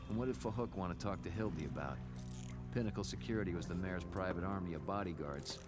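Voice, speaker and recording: A man's voice: low-pitched, quick pace, natural voice. An actor playing a dry, sardonic hard-boiled male cop who narrates a video game story in noir style. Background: game music.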